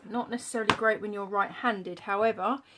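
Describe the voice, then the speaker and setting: A woman's voice: medium pitch, fairly even intonation, a little fast, heavy background noise. A woman demonstrating papercraft in a live-streamed tutorial, chatting and thinking aloud as she works and greeting viewers by name.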